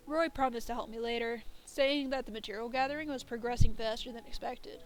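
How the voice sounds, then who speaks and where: High-voiced woman reading game dialogue. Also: steady tone, brisk, few pauses, faint music behind, low-quality recording. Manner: reads lines in an easy, playful tone, breaking off with giggles. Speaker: streamer.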